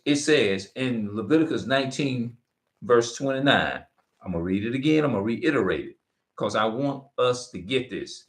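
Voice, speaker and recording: A man preaching straight to camera in a loose, informal way, mixing scripture readings with blunt cursing. His pitch swings widely as he hammers his points home, and he often restarts and repeats phrases for emphasis. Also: fairly bright tone. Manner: emphatic, profane, repeats himself. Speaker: street preacher.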